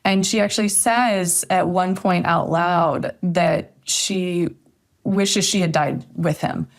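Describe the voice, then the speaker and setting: Gravelly low-voiced woman author. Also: fairly even intonation, slow pace. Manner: reflective, storytelling, hedges with "I think". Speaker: author guest. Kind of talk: podcast interview conversation.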